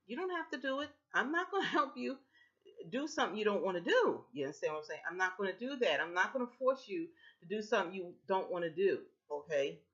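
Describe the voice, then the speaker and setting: A woman speaks straight into her webcam at home, pressing her point with insistent repetition. Her pitch swings widely as she talks. The audio is muffled and lo-fi. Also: fairly bright tone. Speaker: vlogger pitching a home business. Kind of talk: casual persuasive talk to camera. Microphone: built-in webcam mic.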